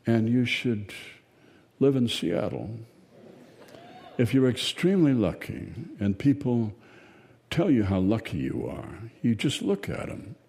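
An older man telling a story in a slow, rambling, wry way, correcting himself as he goes. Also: medium pitch, vocal fry, darkish tone. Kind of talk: spoken storytelling monologue. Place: outdoors in sunshine.

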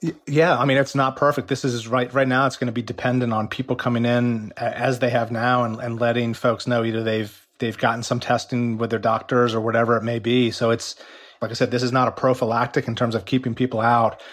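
Man explaining, voice going hoarse. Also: mid-range voice, flat delivery, a little fast. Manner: explanatory, with frequent restarts. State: losing his voice. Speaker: company executive interviewed about a workplace app. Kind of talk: remote news interview.

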